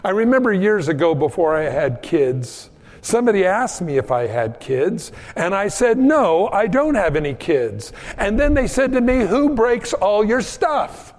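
A man preaching a sermon in a relaxed, conversational way, telling homespun stories about kids and doing quick voices for the people in them. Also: high voice, in a large hall. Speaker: pastor.

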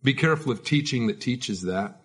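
A man's voice: mid-range voice, animated, brisk, a bit bright, slightly rough. A man preaching a conversational sermon as a pastor, informal and prone to repeating words.

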